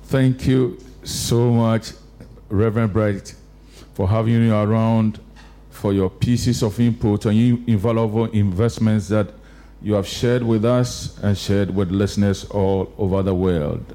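Fervent preacher, mellow voice. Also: male voice, fairly low pitch, steady tone, a little slow. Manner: fervent exhortation, repetitive rhetorical emphasis. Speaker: radio host. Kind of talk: preaching on a live radio broadcast.

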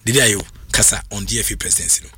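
Bright-voiced sports talk man. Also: on the low side, slightly rough. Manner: animated, mixes Twi and English, halting restarts. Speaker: sports radio pundit. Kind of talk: sports talk radio chat.

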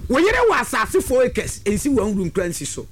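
A man giving lively, preachy advice on a talk show, sometimes breaking into shouts. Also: high voice, brisk, slight background noise.

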